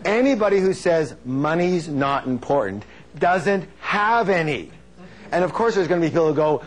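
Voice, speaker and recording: Animated man leading a live seminar. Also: moderate pace. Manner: energetic call-and-response with the audience; playful, acts out quotes in high silly voices. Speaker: motivational seminar speaker. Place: stage before a live audience.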